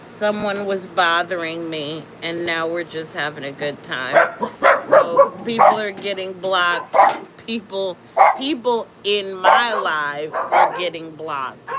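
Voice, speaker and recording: Slow-talking woman chatting on a livestream. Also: very noisy. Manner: chatty, incredulous, talks to her dogs in a high baby voice. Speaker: livestream host. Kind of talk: casual livestream chat. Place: home with dogs nearby.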